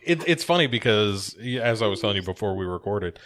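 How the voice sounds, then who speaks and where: A man's voice: lowish voice, expressive, fairly quick, a bit bright. Joking, rambling man co-hosting a podcast. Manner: rambling, joking, many restarts. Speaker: podcast co-host. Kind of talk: casual chat.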